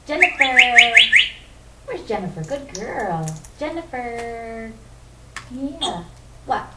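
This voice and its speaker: A woman's voice: fairly high pitch, big pitch swings, slow. A woman talking to her pet parrot in a coaxing, sing-song baby-talk voice, praising and prompting it. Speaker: pet owner. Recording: roomy, distant home-camera sound with loud noise.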